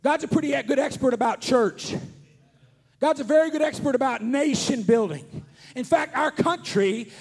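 A man with a strikingly high voice preaches to a conference audience. He talks earnestly, repeats himself, and rises to shouts to hammer home his points. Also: fairly quick, breathy edge. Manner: earnest, repetitive, rising to shouts on key points. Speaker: traveling preacher. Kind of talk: sermon. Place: conference hall before an audience.

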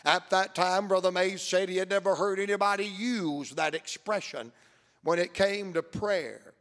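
An older man preaching a sermon as pastor, reading scripture aloud and stretching out key words between long pauses. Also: high-pitched, a bit bright, long reverb tail.

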